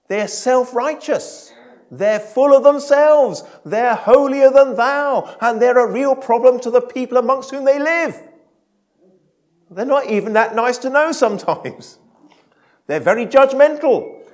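Animated British-style preacher man. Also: fairly high pitch. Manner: animated, swings from loud emphasis to quiet asides; self-deprecating humour with the congregation. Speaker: pastor. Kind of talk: sermon. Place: church service.

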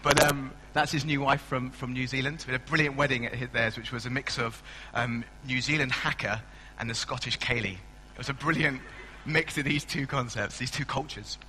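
A man's voice: mid-range voice, fairly even intonation, moderate pace, background noise. A man preaching a sermon in a church hall on a stand mic, chatty and self-mocking as he tells stories. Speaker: pastor.

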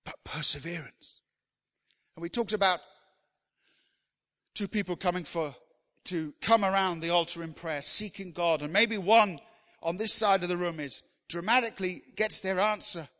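A man preaching a sermon with passion, often rising to loud, emphatic appeals. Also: high-pitched, moderate pace, long pauses. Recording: long reverb of a large hall.

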